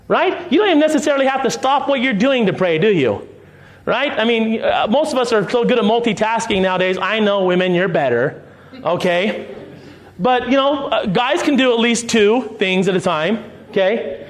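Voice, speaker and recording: High-voiced pastor preaching conversationally. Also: male voice. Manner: conversational preaching with frequent "right?" and "okay?" asides. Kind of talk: sermon.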